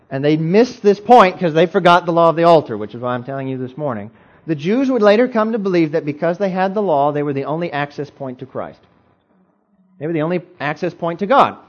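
A man preaching an interactive sermon to his congregation, playful and animated, often asking them questions. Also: sits high. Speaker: pastor. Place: church. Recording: dull lo-fi recording.

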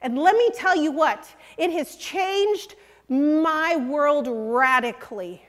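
Older female preacher, slow and earnest, hushed on key points, in a big reverberant hall. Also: high-pitched, lively intonation. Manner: earnest and emphatic, dropping to a hush on key points. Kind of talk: sermon.

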